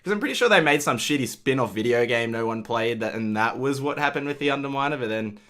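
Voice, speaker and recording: Young guy cohosting a podcast, bright clear voice, jokey and laughs a lot. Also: mid-range voice, quick pace. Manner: animated, laughs often, jokey. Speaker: podcast co-host. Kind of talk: casual chat.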